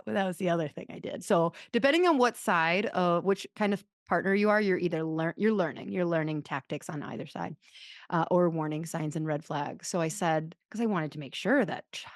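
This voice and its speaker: A woman's voice: mid-range voice, dry recording, clean studio sound. A woman in her thirties hosting a podcast, telling stories in a rambling, self-deprecating casual chat. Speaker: podcast host.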